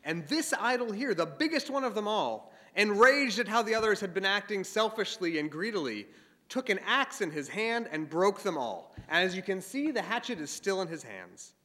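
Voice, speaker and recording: A man voicing a clever young boy who calmly explains himself to his father in a told story. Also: sits high, moderate pace, big-room sound, voice pushed up, heavily acted. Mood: sly. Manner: calm, explaining.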